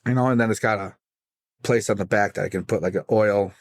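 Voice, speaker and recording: A man, a guest pitmaster, telling his story in casual, animated chat on a studio podcast. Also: lowish voice, fast, dry recording. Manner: animated, acts out voices in his stories.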